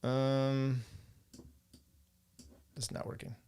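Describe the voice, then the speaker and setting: Gravelly middle-aged male podcast host. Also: medium pitch, flat delivery, drawn-out words, a little mellow. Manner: rambling, profane, chuckling asides. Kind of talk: casual live-stream talk, reading chat.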